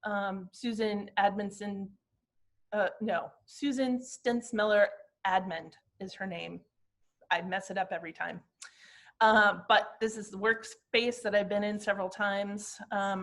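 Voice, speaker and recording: A glass artist in her fifties walks through slides of her work, explaining what each piece means to her. Her ordinary middle-pitched voice has a fairly bright tone, and her delivery is reflective, halting and personal.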